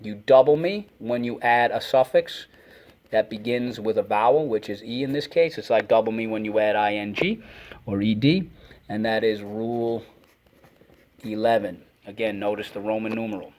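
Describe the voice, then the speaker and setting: A man's voice: on the low side, normal speed, a little mellow. A man teaching a phonics lesson to children, energetically calling out words and repeating them for the class to echo.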